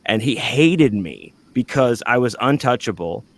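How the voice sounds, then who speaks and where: A man's voice: medium pitch, lively intonation, measured pace, creaky. A man telling a long anecdote on a podcast in casual, rambling talk, full of fillers and swearing. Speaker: podcast guest.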